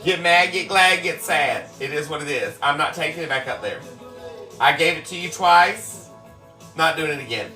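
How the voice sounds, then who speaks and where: A woman's voice: deep voice, expressive, normal speed, sharp tone, faint music behind. A woman hosting a casual cooking livestream from home, teasing and laughing often as she chats. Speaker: cooking livestream host and mom. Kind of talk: casual live-stream chat. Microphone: phone.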